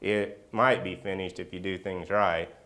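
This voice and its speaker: A man preaching a sermon as pastor, telling a personal story and acting out the scenes with loud outbursts. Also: sits low, fairly even intonation, unhurried. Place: church sanctuary.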